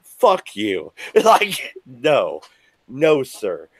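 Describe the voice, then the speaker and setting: A buzzed man hosting a live stream from his desk at home, ranting angrily with lots of swearing, swinging between shouts and mutters. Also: mid-range voice, huge pitch swings, drawn-out words, dry recording. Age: adult with children. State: a little buzzed. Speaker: livestream host. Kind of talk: profane live-stream rant.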